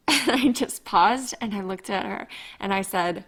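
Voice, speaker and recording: A woman hosting her own podcast, talking in an earnest, confiding way, slow and thoughtful, with frequent restarts. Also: medium pitch, fairly bright tone. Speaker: podcast host. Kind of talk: reflective solo podcast talk.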